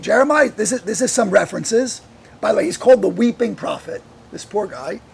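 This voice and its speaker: Male pastor, sermon delivery: high, gravelly voice; animated, full of rhetorical questions. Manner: animated, asks the congregation many rhetorical questions; laughs often between points.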